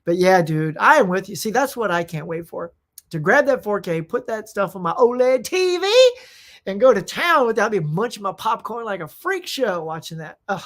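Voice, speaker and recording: An excitable woman hosts a live-stream movie chat, reading viewer comments aloud and riffing on them. She rambles in loose, slangy talk, laughing as she goes. Her pitch sits in an ordinary middle range. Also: moderate pace.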